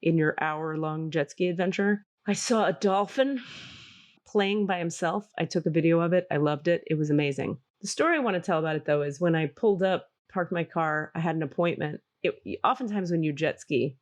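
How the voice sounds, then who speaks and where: Animated middle-aged woman telling a story. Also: sits low, brisk. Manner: animated, self-mocking, acts out quotes. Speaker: podcast host. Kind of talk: casual storytelling chat.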